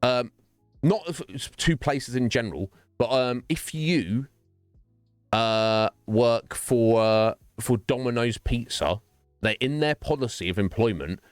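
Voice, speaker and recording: A man's voice: lowish voice, smooth, dry recording. A man streaming a game, chatting casually in a rambling way and laughing often. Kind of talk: casual livestream chat.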